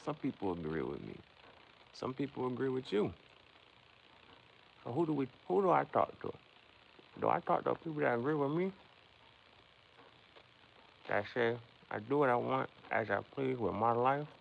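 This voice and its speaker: On a casual livestream, a male host rambles and philosophizes straight to his chat. His gravelly, medium-pitched voice swings widely in pitch at a moderate pace, broken by long pauses. The lo-fi recording sounds dull, with faint background noise.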